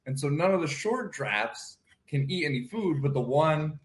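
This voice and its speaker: A man's voice: on the high side, expressive, normal speed. Male co-host, casual morning radio, loose and rambling storyteller. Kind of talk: casual morning show banter.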